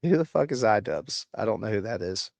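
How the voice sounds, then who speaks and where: A man's voice: on the low side, animated, brisk, creaky, a little mellow, no room sound. A man with a slight Appalachian country accent, hosting a casual livestream, reading chat aloud and answering with crude, sarcastic swearing.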